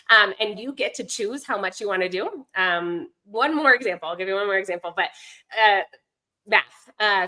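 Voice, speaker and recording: A woman's voice: medium pitch, sharp tone. A woman guest on a podcast interview, chatty, often digressing with fillers. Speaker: guest, homeschooling mom and language instructor.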